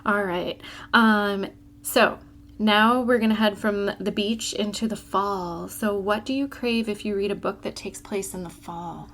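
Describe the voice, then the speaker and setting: A Florida woman leads a relaxed library podcast as co-host, asking questions, chatting away and laughing a lot. She speaks unhurriedly in a mid-range, fairly bright voice with fairly even intonation, and a little hiss or hum can be heard.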